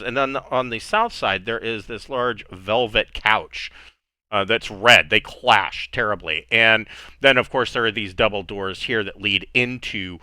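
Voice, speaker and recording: Game master guy narrating the session, loose and rambly, lots of uhs, bright crisp voice. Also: mid-range voice, no room sound. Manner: relaxed and rambling, with many fillers.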